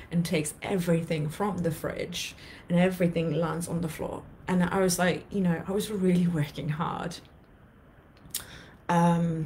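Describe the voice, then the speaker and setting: A woman's voice: lowish voice, darkish tone, a little hiss or hum. A woman in her thirties, an anxiety coach, talking to her viewers in an earnest, blunt way and swearing freely. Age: 30s. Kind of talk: emotional coaching talk to viewers.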